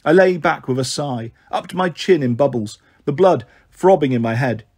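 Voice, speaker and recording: A man narrating a children's novel in a steady first-person reading. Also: mid-range voice, normal speed, breathy edge. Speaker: storyteller.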